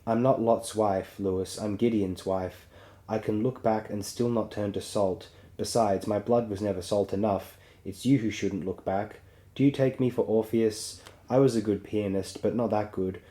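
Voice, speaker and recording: A man with a fairly low, dark and mellow voice reads a story aloud in a slow, hushed, solemn way. The reading has a roomy echo around it, as if recorded in an open space. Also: fairly even intonation. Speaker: audiobook reader. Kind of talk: dramatic audiobook reading.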